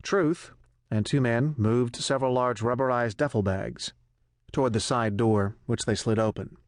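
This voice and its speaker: A male audiobook narrator reading a thriller in a measured, even storytelling manner on a close studio mic. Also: medium pitch, dry recording.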